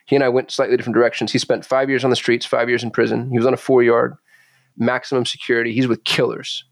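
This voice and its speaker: A man's voice: mid-range voice, quick pace, vocal fry. A man speaks candidly as a podcast guest, intense and confessional, swearing freely. His voice sits in a middle register, and the sound is dry and close with no room echo. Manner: intense, swearing, confessional, animated when retelling. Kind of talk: candid conversational storytelling. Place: Phoenix.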